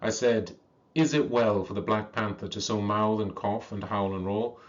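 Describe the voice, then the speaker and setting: A man's voice: on the low side, fairly even intonation, normal speed, dull audio, natural voice. A man reading a proud, blunt jungle boy. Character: strong, proud teenage jungle boy, nearly seventeen.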